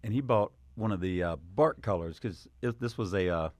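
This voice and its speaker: A man's voice: lowish voice, fairly quick, a little mellow, no room sound. A man from South Carolina, a musician guest speaking in an easygoing, wry manner. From South Carolina, USA. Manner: easygoing, wry, dry humor. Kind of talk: casual interview chat.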